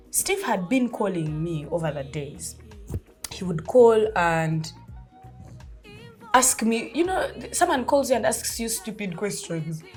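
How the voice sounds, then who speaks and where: Ugandan lady telling a funny story, voice jumps all over, laughs a lot, soft music under it. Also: medium pitch. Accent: Ugandan English. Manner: animated, laughs often, acts out dialogue. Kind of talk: casual storytelling.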